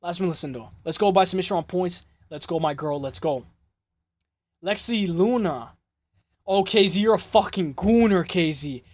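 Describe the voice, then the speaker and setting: High-pitched guy on a live mma stream, casual, swearing, reading chat. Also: moderate pace, no echo, studio quality. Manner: loose, swearing, reads chat aloud.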